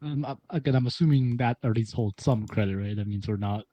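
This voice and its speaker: Mellow-voiced man stammering at a game table. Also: mid-range voice, a little fast, no echo, dull audio. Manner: stammering, talks in restarts. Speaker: player. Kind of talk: casual tabletop play.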